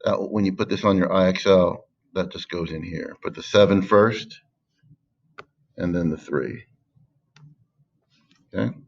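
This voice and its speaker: Man, math teacher, low voice, lo-fi computer mic, patient, fillers. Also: steady tone, a little slow, creaky, pauses often, a little mellow. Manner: patient, stresses key words, thinks aloud with fillers. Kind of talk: screen-recorded math lesson.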